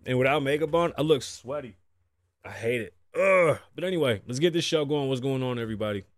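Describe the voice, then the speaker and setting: A man in his thirties hosts a casual show in a loose, swearing, chatty manner, dropping in Spanish now and then. His voice sits at an ordinary middle pitch. The sound is dry and close, with no room around it. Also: lively intonation, fairly quick, no echo. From Puerto Rico. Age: 30s. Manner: loose, profane, chatty with playful Spanish asides. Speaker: podcast host. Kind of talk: casual chat.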